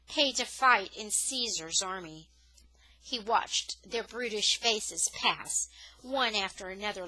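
Bright-voiced woman reading a novel aloud. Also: mid-range voice, slightly rough, rough recording. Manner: expressive storytelling, rising on dramatic words. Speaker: audiobook reader.

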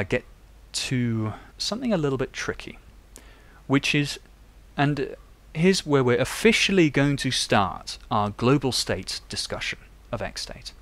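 A young developer codes live for his stream audience, thinking aloud and chatting in tutorial fashion. He speaks at a medium pitch with a fairly bright tone.

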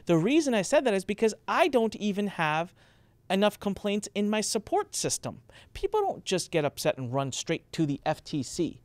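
A man talks casually straight to camera about marketing compliance, slightly high-pitched with a smooth, resonant tone. He is emphatic and slips into quoted voices to make his points. The sound is dry and close. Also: very animated, moderate pace, no room sound. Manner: emphatic, acts out quoted speakers with raised pitch. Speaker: host explaining marketing compliance. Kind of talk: casual explanatory talk to camera.

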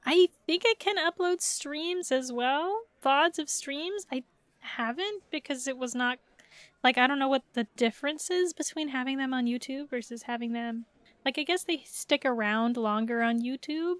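Giggly high-voiced woman streamer. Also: a little slow, fairly bright tone, dry recording. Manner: giggly, rambling, playful. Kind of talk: casual live-stream chat.

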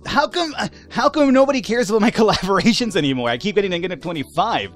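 A man giving casual, animated let's-play commentary, swearing, laughing and talking back to the game's characters. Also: high-pitched, fast talker, few pauses, faint music behind. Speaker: gaming YouTuber.

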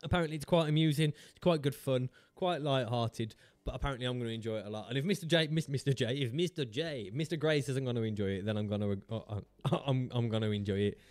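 A man's voice: mid-range voice, fast talker, hardly any pauses, dry recording. A man chatting casually on a live stream, rambling, chatty and self-mocking, swearing freely into a desk mic.

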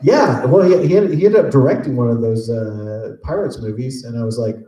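A man's voice: medium pitch, a little fast. A man in his fifties from Texas, telling stories and joking as a voice actor answering questions at a convention panel. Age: 50s. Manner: animated joking storyteller. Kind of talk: casual convention Q&A. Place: large convention panel room. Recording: echoey convention hall.

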